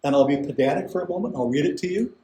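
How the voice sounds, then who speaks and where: Mellow-voiced man lecturing in an echoey gallery. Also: a little high, rapid-fire. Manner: chatty, with asides and audience questions. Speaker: art writer giving a museum lecture. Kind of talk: conversational art lecture. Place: museum gallery with audience. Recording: roomy gallery echo.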